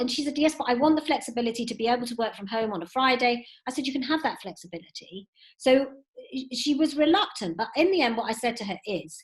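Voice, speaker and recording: A woman in her fifties, a guest telling lively stories with many "you know"s over a video call from home. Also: a little high, quick pace. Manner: animated storytelling with frequent "you know". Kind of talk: recorded video call interview. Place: at home indoors.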